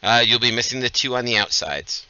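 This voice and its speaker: A man's voice: mid-range voice, lively intonation, fairly quick, sharp tone, clean tone, dry recording, dull audio. A man acting as dungeon master in a live tabletop game, calling rolls and joking about the rules.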